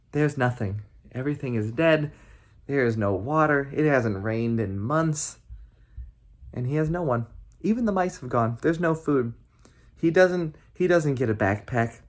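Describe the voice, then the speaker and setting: A young adult man, a camp counselor, telling a campfire story with sound effects and shouts. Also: medium pitch.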